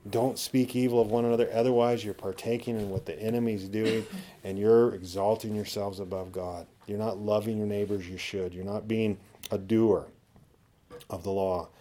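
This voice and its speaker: A man's voice: lowish voice, fairly even intonation, normal speed, warm tone. A man preaching a sermon, teaching conversationally with tag questions and rising to emphatic peaks when he acts out quoted attitudes. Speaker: pastor.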